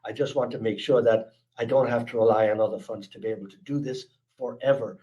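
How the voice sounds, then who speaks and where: A man's voice: medium pitch, fairly even intonation, fast talker, dark tone, highs cut off. An Irish man with an East Coast accent, giving a chatty, earnest webinar talk on security awareness and taking questions, often restarting his sentences. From Ireland. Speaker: speaker presenting a security awareness program.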